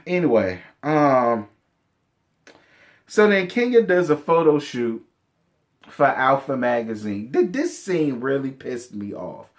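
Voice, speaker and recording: A sassy, blunt man with a medium-pitched, very animated voice speaks slowly as he recaps reality TV. He swears freely and talks straight to the cast members in this casual recap commentary.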